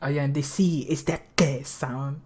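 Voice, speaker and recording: Animated woman chatting over a game. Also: low voice, normal speed, a little hiss or hum. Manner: animated, laughing banter. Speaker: game player. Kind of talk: casual let's-play chat.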